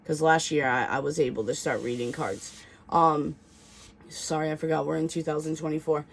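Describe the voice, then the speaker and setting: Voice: medium pitch, fairly even intonation, moderate pace, vocal fry, a little hiss or hum. A tarot reader talking casually in a video, telling a rambling story full of fillers and restarts, with slang and the odd swear word.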